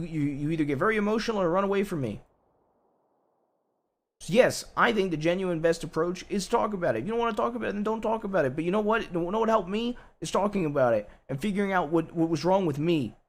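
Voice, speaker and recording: Man playing loud husband, blunt, cursing, slightly high voice, in-game roleplay. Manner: loud, blunt, swears a lot. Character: loud, worried young husband.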